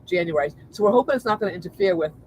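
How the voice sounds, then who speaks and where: A woman's voice: fairly low pitch, expressive, racing, a little mellow, a little hiss or hum, poor audio. Chatty woman on a livestream. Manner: chatty, repeats herself, laughs easily. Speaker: co-host of a travel livestream. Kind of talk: casual livestream chat.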